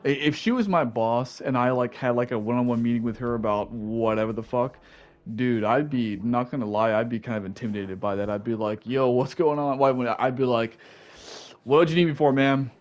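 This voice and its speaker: A man's voice: mid-range voice, a little fast, darkish tone. A man giving casual gameplay commentary while he plays, laid-back and full of swearing, with lots of "like" and "dude". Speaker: video game player.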